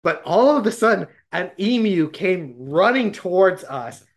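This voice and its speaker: A man's voice: sits high, expressive, unhurried. Laid-back man telling a story. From Arkansas, US. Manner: rambling, laughs at own story. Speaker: podcast host. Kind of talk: casual storytelling chat.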